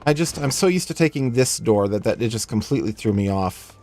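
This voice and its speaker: A man's voice: fairly low pitch, lively intonation, a little fast, a little mellow, faint music behind. A man giving casual, joking commentary while playing a video game. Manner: playful, joking asides. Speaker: let's play host.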